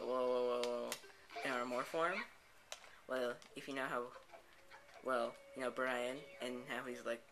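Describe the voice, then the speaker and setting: A man's voice: mid-range voice, creaky, background noise. A man, the host of a gameplay channel, improvising a rambling story full of "and then, like" restarts. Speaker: let's play host. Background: background music.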